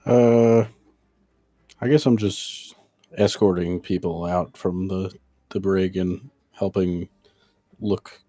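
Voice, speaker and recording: A man playing in a tabletop game, speaking in a hesitant, halting way. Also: sits low, fairly even intonation, warm tone, no echo. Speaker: player.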